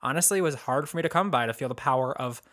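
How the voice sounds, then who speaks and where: A man's voice: medium pitch, quick pace, a bit bright. A man co-hosting a casual podcast, joking playfully and giggling while talking about his journal. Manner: silly, giggly, playful jokes. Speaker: podcast co-host reading his old journal. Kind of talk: casual chat.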